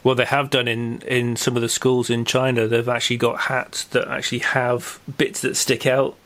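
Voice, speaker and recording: A man co-hosting a chat podcast, talking in a flat, level tone that hardly rises or falls. He rambles through the news and chat, stacking up fillers and restarts as he goes. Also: mid-range voice, normal speed. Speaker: podcast co-host. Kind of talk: casual chat and news rundown.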